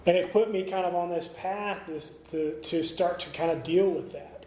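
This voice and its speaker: A man's voice: high voice, normal speed, a little mellow, a little hiss or hum. A middle-aged man speaking at a recovery meeting, telling his story candidly with many fillers and restarts. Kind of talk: recovery talk. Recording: echoey meeting room, faint ambience.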